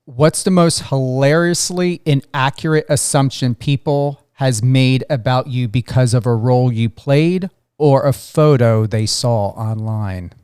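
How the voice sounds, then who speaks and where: A man's voice: medium pitch, unhurried, hardly any pauses, a little mellow, clear, resonant tone, no room sound, studio quality. A man hosting a casual interview, asking easygoing questions, some read from a prepared list. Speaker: interview host.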